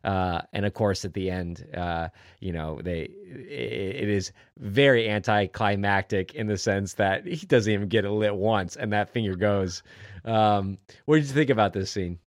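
A man's voice: lowish voice, normal speed, dry recording, studio quality. A man co-hosting a podcast, talking casually and enthusiastically about a movie scene, rambling with fillers and swearing freely. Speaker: podcast co-host. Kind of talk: casual film discussion.

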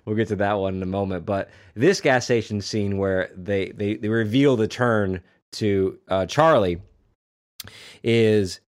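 A man in casual film talk, acting out movie lines in low growled voices. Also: a little slow.

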